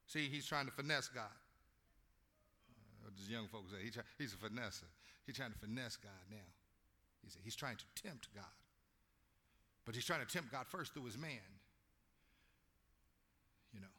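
A male pastor preaching, drawing the congregation into call-and-response and swinging from quiet talk to loud shouts. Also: mid-range voice, animated, normal speed, long pauses. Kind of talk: sermon.

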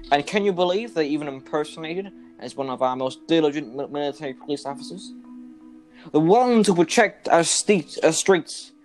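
A man's voice: on the high side, a little mellow, pitched above the performer's own voice, close to an everyday voice. A man voicing a pompous elven prosecutor who gives an indignant courtroom speech.

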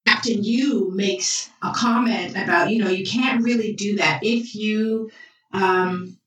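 A woman's voice: medium pitch, takes it slowly. Brief: easygoing woman storyteller, mic at a distance, very roomy sound. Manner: relaxed storytelling with fillers. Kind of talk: casual chat recapping a TV drama. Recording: echoey room, far from mic, faint music.

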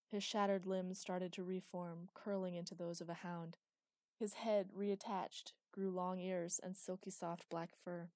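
A woman narrating a fantasy story in an even, measured reading. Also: lowish voice, no echo, clean studio sound.

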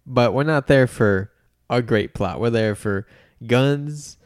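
A man's voice: mid-range voice, takes it slowly, smooth, no echo, studio quality. A young man co-hosting a casual movie podcast, joking and laughing often. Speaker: podcast co-host.

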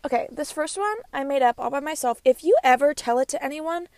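A woman's voice: high voice, a little fast, a little mellow. A woman in her twenties hosting a casual solo podcast, chatty and rambling with lots of fillers. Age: 20s. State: out of breath. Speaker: podcast host.

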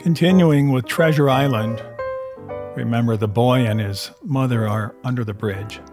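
A man reading a classic adventure novel aloud, telling it in a measured way and voicing the characters. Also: medium pitch, music in the background. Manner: measured storytelling with voiced characters. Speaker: reader.

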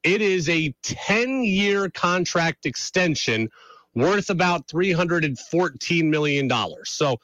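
A man hosting a sports radio show, talking through an animated, opinionated monologue with rhetorical questions. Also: on the high side, slow, dry recording, dull audio.

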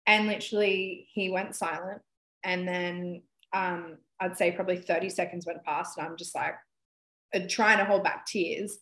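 A woman's voice: lowish voice, fairly even intonation, normal speed, a bit bright, poor audio. A woman in her thirties hosting a podcast, talking candidly and emotionally in casual chat, swearing freely. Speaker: podcast host.

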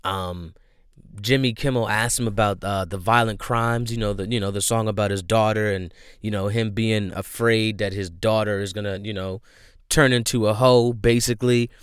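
In a clean, dry studio recording, a young man with a smooth, lowish voice rants at a normal pace with fairly even intonation. His commentary is slangy and emphatic, repeating itself and leaning hard on "bro" and "my guy."

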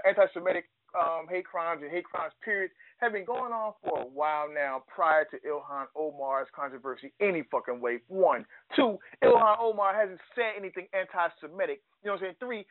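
A man's voice: high voice, no echo. A man co-hosting a podcast, ranting in heated casual chat, profane and repeating himself. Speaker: podcast co-host. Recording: phone-like lo-fi audio.

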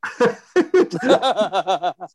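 Slow, husky man chiming in. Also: sits high, sing-song. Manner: brief agreeing interjections. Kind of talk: casual chat.

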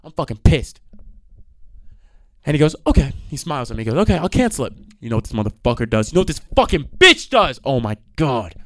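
Young male vlogger, loud animated storyteller, close dry mic. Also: medium pitch, dry recording. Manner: animated, profane, acts out the people in his stories. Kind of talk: ranting storytime monologue.

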